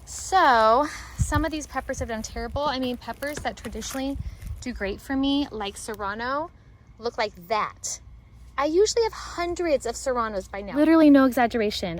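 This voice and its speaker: A woman giving a casual, chatty walking tour of her vegetable garden outdoors. She talks in an excitable, rambling way. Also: a little high, slight background noise. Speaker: homesteading garden vlogger.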